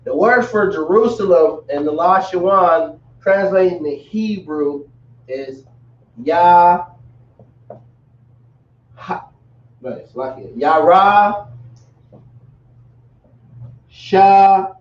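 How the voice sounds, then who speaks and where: Man teaching a class, higher voice, echoey room, far from the mic, muffled sound. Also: takes it slowly, long pauses. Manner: casual, repetitive, addresses class as y'all. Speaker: religious language teacher. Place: classroom with students.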